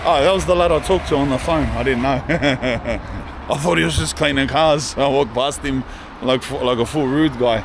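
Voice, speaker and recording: A man's voice: mid-range voice, moderate pace, noisy background. Slangy young New man vlogging. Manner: slangy, upbeat, thinks aloud. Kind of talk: casual vlog chat. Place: outdoor car yard.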